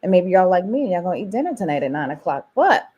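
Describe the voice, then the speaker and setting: Easygoing woman host from New Jersey, a little raspy, casual interview talk. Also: lowish voice, sing-song, fast, darkish tone, lo-fi sound. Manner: easygoing, laughs often.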